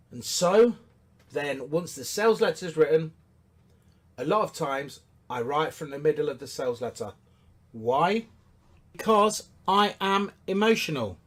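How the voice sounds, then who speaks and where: Emphatic man coaching, fairly high voice. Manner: emphatic, repetitive, rhetorical questions. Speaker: business coach. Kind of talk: coaching talk to an audience.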